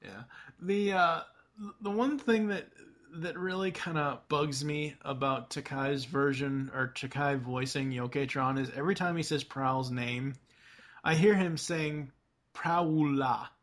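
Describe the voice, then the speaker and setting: A man co-hosting a podcast in casual chat, relaxed and hesitant, with many filler words. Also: fairly high pitch, a little slow. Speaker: podcast co-host.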